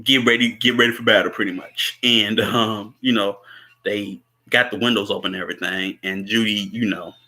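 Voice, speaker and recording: Bright-voiced rambling man. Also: on the low side, steady tone, normal speed. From Chicago. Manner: rambling, laughs often, many fillers. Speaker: host. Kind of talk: casual movie recap.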